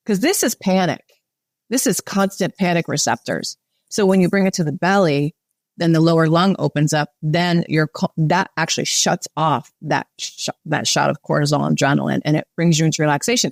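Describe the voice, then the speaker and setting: Woman, breathwork guide, calm and instructive, dry room. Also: sits low, no room sound. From United States. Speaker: breathwork facilitator guest. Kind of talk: guided breathing and podcast chat.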